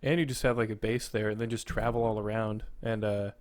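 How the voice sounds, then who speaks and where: A man's voice: fairly low pitch, fairly even intonation, fairly quick, no echo. A man co-hosting a podcast in casual, rambling chat, swearing freely and laughing often. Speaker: podcast co-host.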